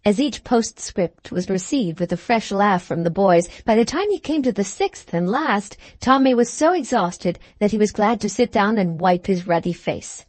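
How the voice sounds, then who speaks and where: A woman narrating a classic novel as an audiobook with expressive storytelling. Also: mid-range voice, normal speed, few pauses, dry recording. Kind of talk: scripted narration.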